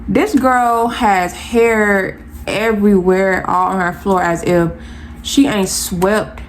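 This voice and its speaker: A woman's voice: mid-range voice, slow pace, a little hiss or hum. Exasperated young woman telling a storytime. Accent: Southern US, Atlanta. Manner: animated, exasperated, addresses viewers as y'all. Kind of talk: casual storytime chat.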